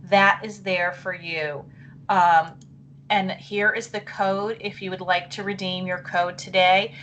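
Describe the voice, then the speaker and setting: Middle-aged lady running a teacher webinar on a computer mic, chatty and apologetic, voice a bit wavery, throat clearing, faint hum behind. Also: fairly low pitch, steady tone, slow, fairly bright tone, dull audio. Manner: chatty, apologetic, thinking aloud while clicking. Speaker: online presenter for teachers. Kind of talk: live webinar presentation.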